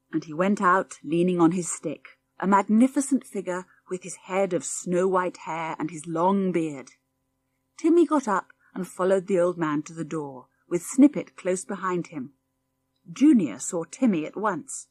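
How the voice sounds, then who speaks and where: A woman narrating an audiobook, telling the story in a clear, expressive way. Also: fairly low pitch, unhurried, no room sound. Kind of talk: scripted narration.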